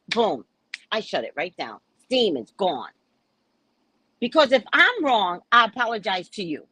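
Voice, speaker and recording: A woman's voice: medium pitch, very animated, a little slow, pushed and bright, breathy edge, no echo. A woman telling her viewers a story in a blunt, heated, profane way, reading text messages aloud as she goes. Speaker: psychic reader recounting a client dispute.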